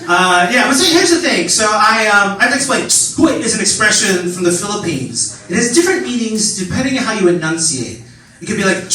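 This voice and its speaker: A man doing a stand-up comedy set in a club, animated and camp, jumping into high squeaky voices for the people he quotes. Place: comedy club stage before a laughing audience. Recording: echoey club recording, distant, noisy.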